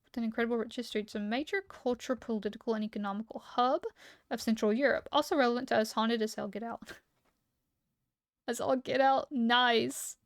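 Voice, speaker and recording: A woman's voice: on the high side, steady tone, quick pace, no echo, studio quality. A young woman streamer reading aloud and chatting casually, her voice a bit worn as she is losing it. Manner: chatty, reads aloud then reacts.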